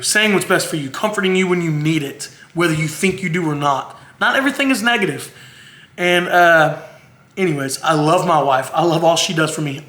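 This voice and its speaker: A man's voice: a little high, bright, forceful tone, reverberant. A man speaking to his viewers in an earnest, rambling way, emotional and close to tears. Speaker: vlogger, husband. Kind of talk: heartfelt to-camera monologue.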